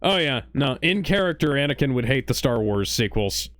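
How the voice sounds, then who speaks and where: A man's voice: mid-range voice, lively intonation, normal speed, a bit bright, no room sound, clean studio sound. A man playing a game on a livestream and joking with friends. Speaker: gamer, co-host. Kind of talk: casual gaming chat.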